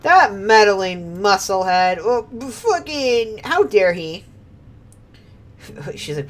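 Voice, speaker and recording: A woman's voice: mid-range voice, sing-song, extremely slow. A woman streaming a video game, chatting casually, laughing often, swearing freely and reading game lines aloud. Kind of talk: casual gameplay commentary.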